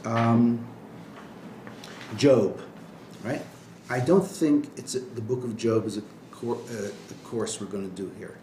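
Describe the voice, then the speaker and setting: A man's voice: mid-range voice, slow pace, pauses often, mellow, roomy sound, a little hiss or hum. A man, a rabbi, giving an informal classroom lecture in a conversational way, often checking in with "right?". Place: classroom with students.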